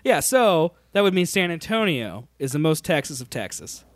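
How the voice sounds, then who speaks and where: A man's voice: a little high, sing-song, no echo, studio quality. A young man hosting a casual podcast, teasing his co-hosts and cracking jokes. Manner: joking, teasing, fast-talking. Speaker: podcast host.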